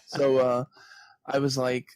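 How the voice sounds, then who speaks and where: Animated, chatty man in his thirties. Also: mid-range voice, takes it slowly, no echo. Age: early 30s. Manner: animated storyteller, heavy on "like" fillers. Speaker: guest, author and journalist. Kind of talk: casual interview chat.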